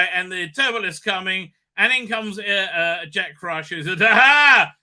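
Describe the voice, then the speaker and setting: Guy rambling thru a live recap, lots of uhs and swearing, kinda high sharp voice. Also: clear, resonant tone. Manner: rambling, filler-heavy, swears freely. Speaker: host of a live recap stream. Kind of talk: casual live episode recap.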